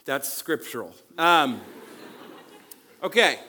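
A man preaching in a loose, conversational way, speaking at an ordinary middle pitch. He keeps checking in with his listeners and reads scripture aloud with lifted energy. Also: measured pace, fairly bright tone. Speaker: pastor and counselor. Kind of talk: casual sermon teaching. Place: church campus.

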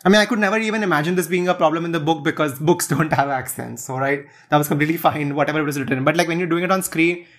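A man co-hosting a podcast, reasoning in a halting, thoughtful way with sarcastic jokes. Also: a little high, a bit bright. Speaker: podcast co-host, film critic. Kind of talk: casual film review chat.

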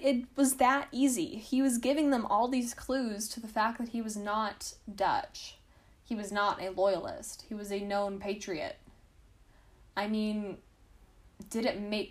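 Her voice sits a little high and carries a darkish tone. She's a young history podcast host who relates events in a loose, casual way, full of filler words, dry side comments and mock quotations.

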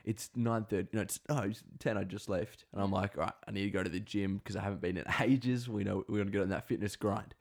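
A man's voice: on the low side, steady tone, fast, vocal fry, hardly any pauses. A young man co-hosting a podcast, telling a story in a playful, teasing way with mock suspense. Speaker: podcast co-host. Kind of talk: casual chat, storytelling.

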